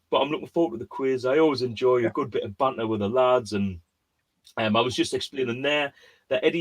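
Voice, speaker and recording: Medium in pitch and fairly bright in tone, a man running an online quiz chats casually. His story rambles, packed with fillers and false starts.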